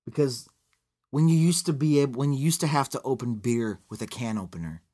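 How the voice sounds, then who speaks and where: A man's voice: mid-range voice, fairly quick, warm tone. A man, co-hosting a podcast in casual banter, rambling and sarcastic with frequent swearing. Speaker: podcast co-host.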